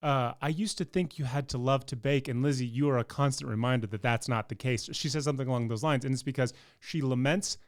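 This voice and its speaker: A man's voice: medium pitch, fast, hardly any pauses, no room sound, studio quality. A man co-hosting a podcast in casual chat, enthusiastic and leading the segments from his notes. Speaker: podcast co-host.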